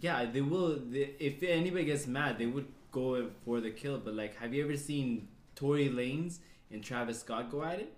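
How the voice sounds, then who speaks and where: A man in casual podcast chat, asking halting questions. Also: mid-range voice. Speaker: podcast co-host. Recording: echoey room.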